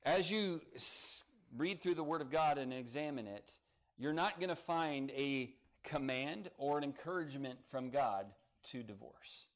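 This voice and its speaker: A man's voice: on the high side, expressive, measured pace. A man preaching a morning sermon, earnest and emphatic, leaning on key words as he builds each point. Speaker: pastor.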